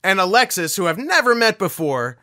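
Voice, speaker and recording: A man, a guest voice actor, telling a story in a casual interview, animated and swearing freely. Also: high voice, brisk, dry recording, clean studio sound.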